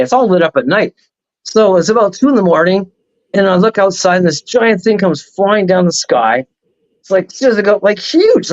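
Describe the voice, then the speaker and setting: A man speaking as a show guest, telling a long personal story in a rambling, animated way. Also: sits high, lo-fi sound. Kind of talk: casual storytelling on a talk show.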